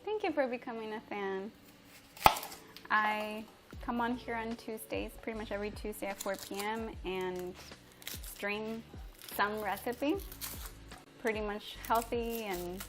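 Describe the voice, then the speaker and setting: A woman hosting a casual cooking livestream from her home kitchen, chatting with viewers and laughing often. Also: mid-range voice. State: teary from chopping onion.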